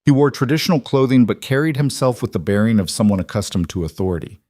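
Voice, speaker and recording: A man narrating a western story in a steady, dramatic scripted style. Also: medium pitch, quick pace, no room sound, studio quality.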